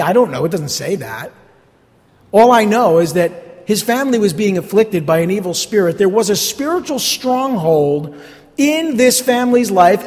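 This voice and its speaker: A man from North Jersey with a New Jersey accent, preaching a sermon in a conversational way with sarcastic asides and repeated words. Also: sits high. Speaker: pastor. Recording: long hall reverb.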